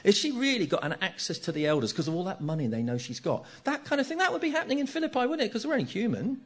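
An older man preaching a sermon, animated and jokey, acting out the congregation's reactions. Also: sits high, rapid-fire.

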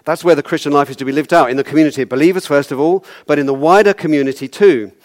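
A man's voice: on the high side, racing, a little mellow. A man preaching a sermon in a conversational, wry way, often repeating words as he goes.

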